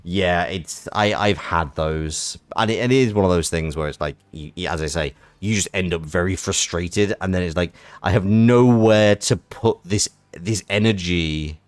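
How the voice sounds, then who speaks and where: A man's voice: deep voice, moderate pace, few pauses, no room sound. A man, chatting wryly while streaming a game and reading its text aloud, often interrupting himself. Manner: chatty, self-interrupting, wry. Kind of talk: casual live-stream commentary and reading. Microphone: close desk microphone.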